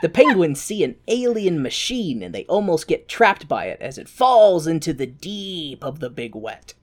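Animated woman recapping a film. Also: sits low, normal speed. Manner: animated, joking, playful swearing. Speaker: podcast co-host. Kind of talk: casual movie recap.

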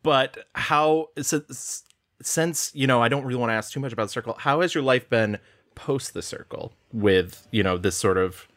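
A man's voice: medium pitch, moderate pace, fairly bright tone. A man co-hosting a podcast, talking emphatically and swearing casually over a video call. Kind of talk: casual chat.

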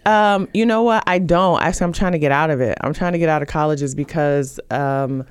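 A woman's voice: low-pitched, fairly quick, smooth, no echo. A woman stand-up comedian chatting as a podcast guest, easygoing and wry, with sarcastic storytelling, on a studio microphone. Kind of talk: casual podcast chat.

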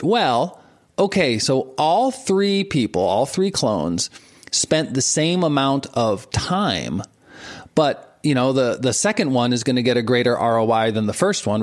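A man in his forties, a guest on an interview show, teaching with lively examples and frequent laughter. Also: mid-range voice. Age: 40s. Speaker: martial arts and meditation teacher, guest. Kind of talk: explanatory interview talk.

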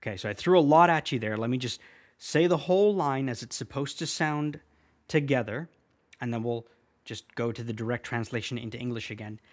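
A man teaching a prayer in Latin as a language lesson, patiently repeating each phrase slowly and clearly. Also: mid-range voice. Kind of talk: slow spoken language lesson.

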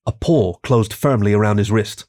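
A man reading a story aloud as scripted narration, calm and even, giving the characters gentle voices. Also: lowish voice, normal speed, no echo, clean studio sound. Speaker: story reader.

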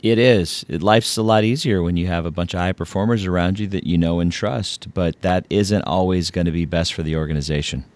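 A man hosting an interview, framing his questions haltingly, with frequent restarts. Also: low voice, a little mellow, no room sound. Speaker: podcast host. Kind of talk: conversational interview.

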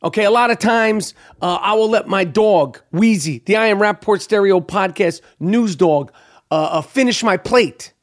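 A man's voice: sits high, moderate pace. A man hosting his own podcast in a brash, profane, rambling solo monologue, hyped up and talking freely. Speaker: podcast host.

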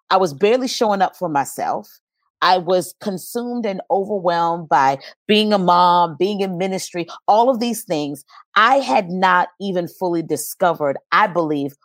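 Low-voiced woman telling a personal story. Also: no room sound, studio quality. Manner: earnest storytelling. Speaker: guest. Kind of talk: personal testimony in an interview.

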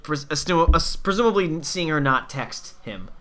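A man's voice: fairly high pitch, lively intonation, normal speed, a bit bright. A young man and podcast co-host in casual chat, making wisecracks and teasing interjections.

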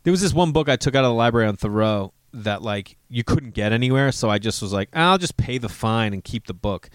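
A man's voice: medium pitch, animated, fairly quick, smooth, dry recording. An American comedian in his forties tells a rambling personal story, swearing freely and acting out bits of quoted dialogue. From United States.

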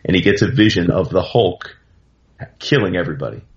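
A man's voice: low voice, lively intonation, a little fast, dull audio. A man recapping a comic book story in casual, rambling talk full of fillers and asides. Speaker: comics commentator.

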